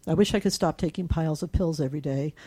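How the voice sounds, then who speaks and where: Talking fast in a low, warm voice, a middle-aged cancer patient openly shares her story. She reads her emails out loud too, with filler words and small bursts of laughter.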